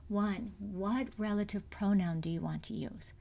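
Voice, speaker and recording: Her mid-range voice is gravelly and dark, paced in a measured way. A middle-aged woman teaching university English, she explains step by step in a recorded lecture, with frequent fillers and restarts and the odd slip into a whisper.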